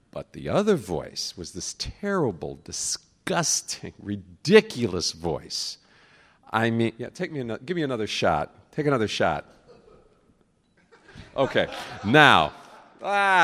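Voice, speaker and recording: A man tells animated anecdotes at a convention, his pitch swinging widely as he laughs and breaks into bits. He speaks with a loose, chatty storytelling manner. The sound carries a long reverb from a large hall. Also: a little slow. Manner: animated storyteller who laughs and slips into voices. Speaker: voice actor giving a talk.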